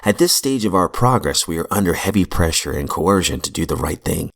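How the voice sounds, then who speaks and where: A man reading aloud from a recovery book in a measured, earnest way, with brief asides, into a close mic in a small room. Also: sits low, lively intonation, creaky, fairly bright tone. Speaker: reader of recovery literature.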